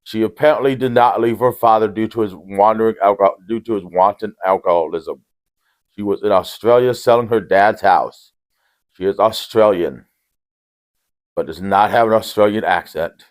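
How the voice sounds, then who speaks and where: A man giving a casual, rambling movie recap with deadpan jokes and frequent restarts. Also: on the low side, moderate pace. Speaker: movie reviewer.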